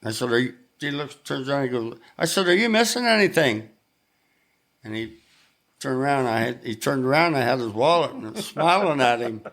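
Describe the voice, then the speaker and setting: Older man, musician guest, casual storytelling, animated, mid-pitched. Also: a little fast. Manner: animated anecdote-telling, acts out quoted voices.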